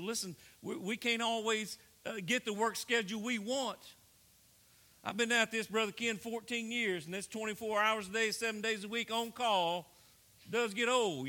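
Pastor, male, middle-aged; earnest sermon delivery, hushed then rising; bright tone. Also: high voice. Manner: earnest preaching, swings between hushed and raised.

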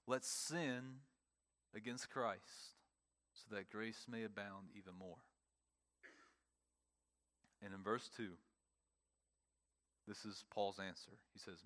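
A man preaching a sermon, emphatic, with pauses and repeated phrases, speaking to a congregation in a church. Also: fairly low pitch, a bit bright. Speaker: pastor.

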